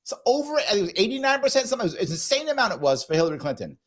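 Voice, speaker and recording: A man's voice: sits high, sing-song, rapid-fire. A man hosting a live panel discussion, emphatic and agreeable, pressing his points. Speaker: host.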